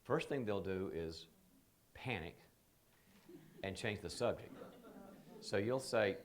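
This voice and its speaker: A man gives a leadership training session in a fairly low voice that climbs and dips widely as he talks. He tells stories with energy and acts out the people he quotes. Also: takes it slowly. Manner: animated storytelling, acting out quoted people. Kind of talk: seminar talk.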